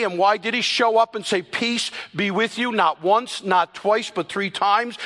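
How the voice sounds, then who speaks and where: A man preaching a Sunday sermon as a pastor, emphatic, slowing down to stress the scripture he quotes. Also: high voice, pushed and bright, long reverb tail. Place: church sanctuary.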